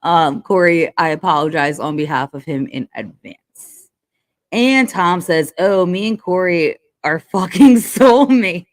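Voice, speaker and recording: Woman, young adult, teasing, laughs a lot, lowish voice. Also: lively intonation, a little slow. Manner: teasing, laughs often, swears casually. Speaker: podcast co-host. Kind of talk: casual sports podcast chat.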